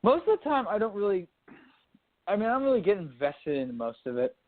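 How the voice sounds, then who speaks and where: A man's voice: sits high, sing-song, a little fast. A young man from Dallas co-hosting a radio talk show, chatting casually about sports and politics and often restarting his sentences. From Dallas, Texas. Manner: rambling, restarts mid-thought. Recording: phone-line quality audio.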